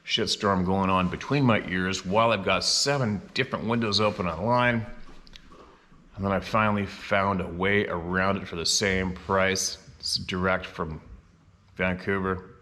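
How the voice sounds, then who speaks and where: A middle-aged host from Canada holds forth in a loose, casual monologue. His voice sits low but has a bright, forceful edge, and he is blunt and fiery, swearing freely as he rants. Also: fairly even intonation, measured pace. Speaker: show host.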